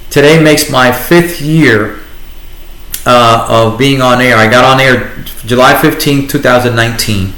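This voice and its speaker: A middle-aged man with a New York accent, telling his story as a guest in a conversational interview, animated and restarting often. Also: mid-range voice, unhurried. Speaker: guest, entrepreneur and radio host. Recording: echoey room.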